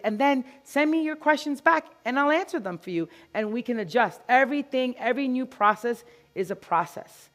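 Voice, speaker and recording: A woman giving an animated live demo talk to groomers, telling stories and acting out quotes. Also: a little high. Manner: animated, storytelling, acts out quotes. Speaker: grooming educator. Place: event hall with live audience.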